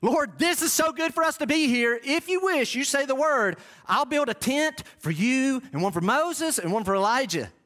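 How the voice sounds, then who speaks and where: A man voicing an impulsive, zealous adult male disciple, speaking in an excited, pitched-up rush. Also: normal speed, hardly any pauses. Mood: eager.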